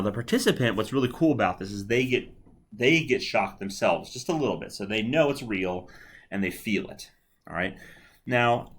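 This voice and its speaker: The speaker is a male psychology lecturer in a recorded video, with a medium-pitched, fairly bright voice. He lectures conversationally, often repeating himself and checking in with "all right."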